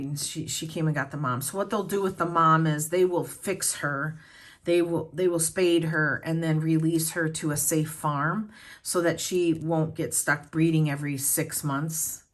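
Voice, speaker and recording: Middle-aged woman, deep low voice, casual vlog chat, rambling, talks to viewers at home. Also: fairly bright tone. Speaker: planner vlogger.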